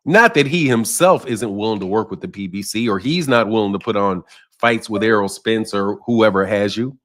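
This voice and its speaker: A man's voice: on the low side, normal speed, a bit bright. A man casually talking boxing on a livestream, reading and answering chat comments, often repeating himself. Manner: conversational, repeats himself, addresses chat by name.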